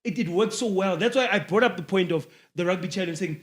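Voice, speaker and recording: A young man, co-hosting a casual sports podcast in an animated, slangy way, often talking over the others. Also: sits high, fast. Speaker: podcast co-host.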